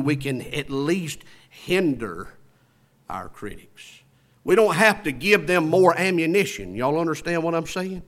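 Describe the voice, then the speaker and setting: A man with a Southern US accent preaching a sermon, calling for amens and building to loud, slowed-down emphasis before dropping back low and soft. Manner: call-and-response preaching, asks for amens; swells loud and slows for emphasis, drops low and soft after. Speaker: pastor.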